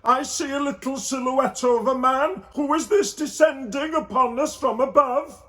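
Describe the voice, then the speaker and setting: A man with a Welsh accent voicing Joseph, a fretful, excitable husband. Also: very high-pitched, normal speed, voice pushed up. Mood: urging. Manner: fretful, exclaiming.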